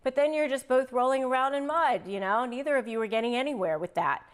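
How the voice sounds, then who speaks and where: A woman's voice: high-pitched, fast talker. A middle-aged woman hosting an advice talk, speaking straight to her audience and acting out the phrases she quotes. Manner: lively, acts out quoted phrases. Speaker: host. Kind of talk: direct-to-camera advice talk.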